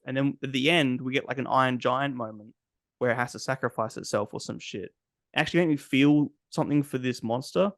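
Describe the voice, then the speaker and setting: A man's voice: medium pitch, quick pace, no room sound. Ranting, sweary man with a dry, close sound. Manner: ranting, profane, animated. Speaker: podcast co-host. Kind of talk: casual chat.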